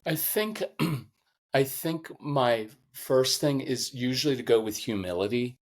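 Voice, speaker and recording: A man's voice: mid-range voice, slow. A middle-aged man, a parenting coach being interviewed, telling stories earnestly and getting choked up with emotion. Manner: earnest, emotional, animated storytelling. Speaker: podcast guest, parenting coach. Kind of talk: conversational interview.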